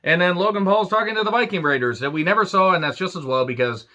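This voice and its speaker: Male reviewer, bright forceful voice, crude sarcastic rant, a bit higher pitched. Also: lively intonation, fast talker. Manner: sarcastic, crude jokes, frequent swearing. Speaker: wrestling show reviewer. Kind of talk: profane ranting recap.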